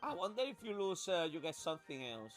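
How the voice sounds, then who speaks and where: A man casually commenting on a game he is playing, excitable and swearing often. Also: high-pitched, brisk, faint music behind. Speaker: gaming streamer. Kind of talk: casual let's-play commentary.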